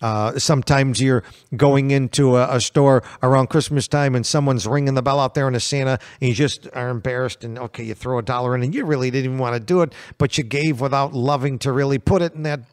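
Man, radio bible teacher, calm and steady, dry close sound, mid pitch. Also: fairly quick, hardly any pauses, smooth, dry recording. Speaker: radio show host.

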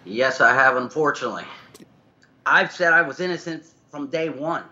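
A man's voice: fairly high pitch, moderate pace, bright, forceful tone. A man answering questions over a conference call, hesitant and rambling as he defends himself. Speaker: guest on a video call. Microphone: conference call line. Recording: dull video-call audio.

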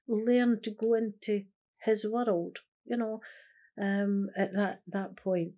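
A woman's voice: mid-range voice, fairly even intonation, takes it slowly, warm tone. A Scottish woman in her sixties telling a personal story in an interview, earnest and repeating "I says" as she recounts conversations. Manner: earnest, repeats "I says", acts out remembered dialogue. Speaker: interviewee, carer's widow.

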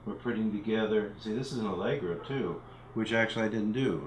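A man's voice: fairly low pitch, fairly quick, reverberant, slight background noise, rough recording. A man teaching a recorded music literacy lesson from home, explaining symbols and chanting rhythm syllables as he counts. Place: home room.

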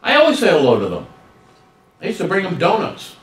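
Guy doing a lively workshop talk, acts out little scenes, sounds far off in a big echoey room. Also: high voice, a little fast. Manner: animated, acts out dialogues with humor. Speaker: guest speaker on student service. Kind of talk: workshop presentation. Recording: roomy hall, distant mic.

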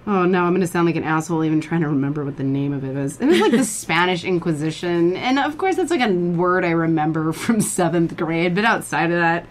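A woman chatting as a podcast guest about improv, self-deprecating and quick to laugh at her own stories. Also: fairly low pitch, lively intonation, a little hiss or hum. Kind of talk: casual podcast chat.

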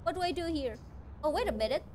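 A woman's voice: sits high, lively intonation, fast, a little mellow, a little hiss or hum. A woman streaming a video game live, talking to herself playfully with mock-outraged exclamations. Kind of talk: live gameplay commentary.

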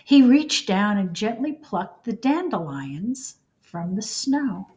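A woman reading a children's storybook aloud in an expressive, unhurried way. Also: mid-range voice. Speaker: storybook reader.

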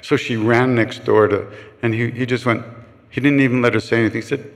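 A man's voice: medium pitch, fairly even intonation, a little fast. An older man telling frank, joking stories to a live audience, acting out other people's voices as he goes. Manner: anecdotal, frank and joking, acts out quoted voices. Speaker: chant leader answering questions. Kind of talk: casual storytelling talk. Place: retreat hall with a live audience. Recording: long reverb of a large room.

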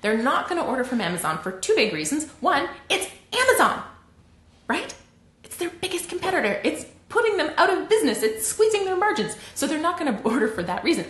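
Canadian woman, livestream host, chatty, animated, lots of laughter, roomy echo. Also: high voice, a little fast. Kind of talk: casual livestream teaching.

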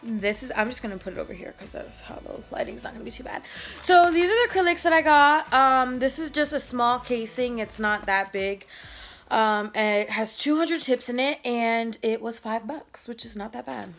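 A woman's voice: fairly high pitch, normal speed, fairly bright tone, soft background music. A young woman vlogging a shopping haul in a casual, slangy, playful way, a bit out of breath. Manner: chatty, slangy, playful, rambling.

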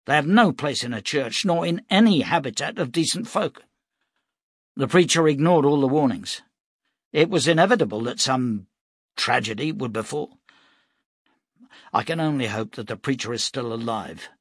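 A man doing a measured militia captain. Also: medium pitch, lively intonation, breathy edge, dry recording, clean studio sound. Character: tall, easygoing middle-aged male militia captain.

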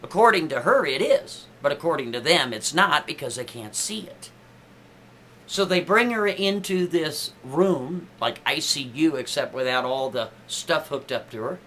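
A man with a fairly high voice spins a loose, conversational story. He talks casually and jumps up in pitch to stress his points. A faint hiss runs under the recording. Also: lively intonation, normal speed, pushed and bright. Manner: chatty, conversational, swings his pitch up for emphasis.

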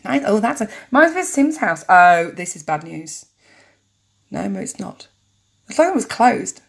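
A woman's voice: mid-range voice, big pitch swings, a little slow, gravelly. A woman narrating and commenting casually on a story game, chatty and joking as she goes. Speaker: let's play narrator.

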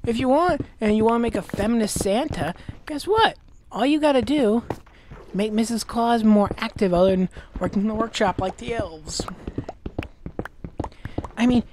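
A woman's voice: medium pitch, darkish tone, a little hiss or hum. A woman hosting a Let's Play, ranting with exasperation and lots of swearing while she plays. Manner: profane, exasperated ranting with mocking voices. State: gassy, clearing throat. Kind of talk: ranting commentary over gameplay.

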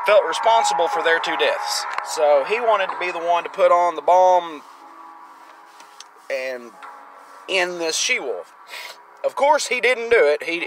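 Man, casual gameplay chatter, rambling, game music clearly behind. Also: on the high side, rough recording. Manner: rambling, reads game text in a flat plain voice. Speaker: gamer playing a survival game. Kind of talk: casual gameplay commentary and reading game text aloud.

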